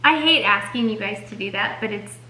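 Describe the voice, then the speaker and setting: A young woman co-hosting a family channel, chatting casually with warm, fond asides. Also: mid-range voice, animated, a little fast. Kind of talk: casual chat. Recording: echoey room.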